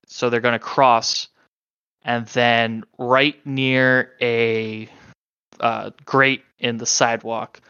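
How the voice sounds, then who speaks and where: A man narrating a tabletop game as game master, halting and full of fillers. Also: medium pitch, sharp tone, smooth, no room sound, lo-fi sound.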